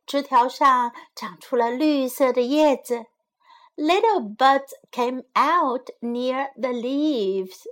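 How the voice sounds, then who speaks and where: Woman, high voice, slow, clear, bilingual children's story reading. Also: a bit bright. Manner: slow and clear, reads each line then translates it. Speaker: story reader and English teacher.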